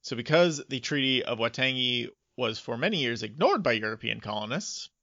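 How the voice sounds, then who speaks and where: A man's voice: medium pitch, animated, normal speed, pushed and bright, no room sound, muffled recording. A man co-hosting a podcast, working through his notes in casual chat with dry asides, recorded at home. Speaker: podcast co-host. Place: home office.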